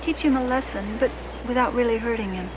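Mild pacifist teacher , actress in a film clip, raised pitch, loud ambience. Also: female voice, a little fast, muffled recording, background noise, lightly acted. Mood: gentle. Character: gentle female pacifist teacher. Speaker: film character.

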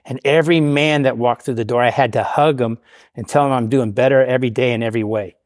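A man's voice: medium pitch, steady tone, quick pace, no echo, clean studio sound. A middle-aged man, a podcast guest, telling his recovery story casually, often tagging "right?" and laughing at himself.

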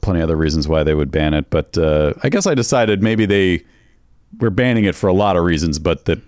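A man chatting as a podcast co-host, low-voiced and meandering, circling back on his thoughts. The sound is dry and close with no room around it. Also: lively intonation, a little fast, a little mellow, no echo. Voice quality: rambling, hesitant, lots of restarts and fillers. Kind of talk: casual chat.

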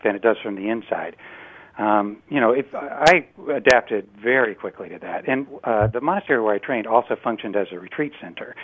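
Thoughtful man on a tinny phone line. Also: fairly low pitch. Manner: thoughtful, hesitant, many restarts. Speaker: guest. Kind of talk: reflective interview talk.

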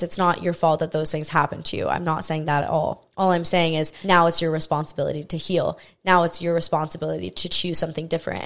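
A young adult woman speaks on her solo self-help podcast. Her voice sits a little low, and her delivery is earnest and motivational, hammering points home through repetition. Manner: earnest, emphatic, motivational, repeats phrases for impact. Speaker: podcast host.

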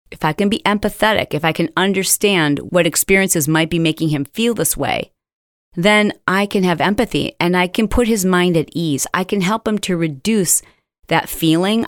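A woman hosting a casual advice talk, telling stories lively and acting out the lines of people she quotes, with plenty of "like" and "dude". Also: fairly low pitch, no echo, studio quality. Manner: animated storytelling, acts out quoted dialogue; frequent "like" and "dude" fillers. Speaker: host.

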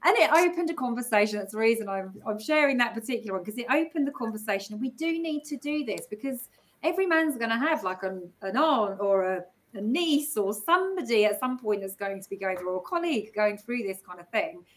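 Woman chatting, tells stories with lots of laughs, lively and expressive. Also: on the high side, brisk. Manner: animated, laughing storyteller. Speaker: guest speaker. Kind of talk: casual storytelling.

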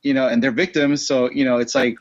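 A man's voice: medium pitch, flat delivery, fairly quick, dry recording. A young man in casual conversation who rambles with many fillers and talks bluntly, swearing freely. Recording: dull lo-fi dry sound.

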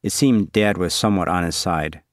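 Low-voiced man narrating a story. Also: no echo, clean studio sound. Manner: measured, wry, inward storytelling. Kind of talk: scripted literary narration.

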